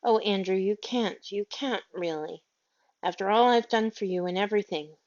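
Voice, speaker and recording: A woman's voice: moderate pace, a little mellow, close to an everyday voice. A woman voicing a fussy, tearful, haughty older lady who frets shrilly over her dog, in a storybook reading. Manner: fretful and shrill, prone to wailing. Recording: dull lo-fi audio.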